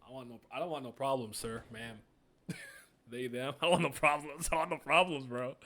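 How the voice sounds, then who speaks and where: A man giving casual, slangy reaction commentary, excitable and laughing often, jumping into high yelps and exclamations. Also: moderate pace. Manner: slangy and profane banter. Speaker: webcomic reaction host.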